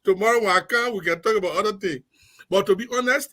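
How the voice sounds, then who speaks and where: A man's voice: sits high, quick pace, sharp tone. A man giving impassioned political commentary on a talk show, emphatic and repeating his points. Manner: preachy, emphatic, repeats phrases.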